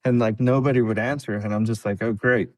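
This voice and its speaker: A man's voice: on the low side, steady tone, fast, darkish tone, no room sound. A man on a podcast casually telling a story, laughing often and acting out what people said. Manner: laid-back, laughs often, acts out quotes. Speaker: podcast guest, veteran.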